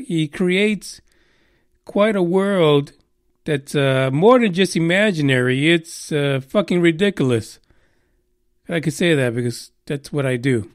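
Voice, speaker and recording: A high-voiced man rants through a podcast monologue, swearing freely and sarcastic, full of ums and restarts. His voice sounds close and dry, with no room around it. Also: no echo. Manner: profane, sarcastic, rambling with many fillers. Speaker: podcast host.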